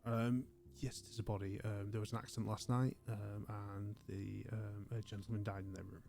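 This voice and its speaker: A man's voice: on the low side, flat delivery, fairly quick, creaky, darkish tone. Man doing a flustered, hesitant ship's doctor. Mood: clinical, lecturing. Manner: awkward, hesitant, polite. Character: adult male ship's doctor, fussy and perplexed.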